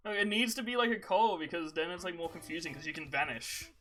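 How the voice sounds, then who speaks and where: A man hosting a podcast, telling animated made-up stories in casual chat, full of fillers. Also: a little high, fast talker, soft background music. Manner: animated storytelling, many fillers. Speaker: podcast host.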